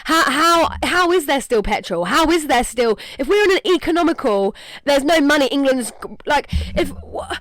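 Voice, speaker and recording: A woman's voice: sits high, animated, moderate pace, a bit bright, no room sound. A young English woman hosting a podcast, talking candidly and emotionally in a rambling way full of "like". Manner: rambling, emotional, heavy use of "like". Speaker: podcast host. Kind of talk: candid casual podcast talk.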